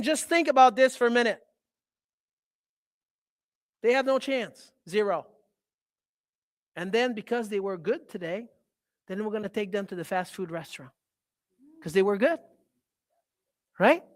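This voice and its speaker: A man's voice: very high voice, fairly bright tone. A man giving a live health seminar to an audience, emphatic and repetitive, often asking the listeners questions. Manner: emphatic, repeats key points, quizzes the audience. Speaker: health speaker.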